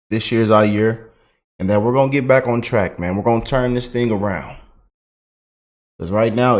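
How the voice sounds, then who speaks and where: Laid-back man hosting commentary. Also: fairly low pitch. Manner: folksy, laughing, calls audience y'all and man. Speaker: commentary channel host. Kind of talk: casual political commentary.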